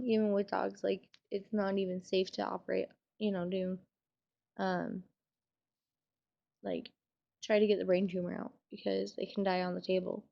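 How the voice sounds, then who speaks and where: A woman's voice: mid-range voice, creaky, muffled recording. A young woman telling a sad personal story in a casual vlog, swearing and using many fillers while she fights back tears. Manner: emotional, trying to hold back tears. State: tearful. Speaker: vlogger.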